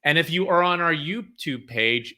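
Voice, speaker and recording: A man hosting a car podcast, energetic and playful, moving between banter and sponsor reads. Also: fairly high pitch, moderate pace. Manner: energetic and playful, leaning on hype. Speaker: podcast host.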